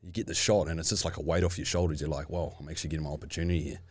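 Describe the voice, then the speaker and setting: A low-voiced man co-hosts a podcast, rattling quickly through long, musing questions. His voice sounds dry and close to the mic. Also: fairly even intonation, darkish tone, no echo. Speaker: podcast co-host. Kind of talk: casual interview questions.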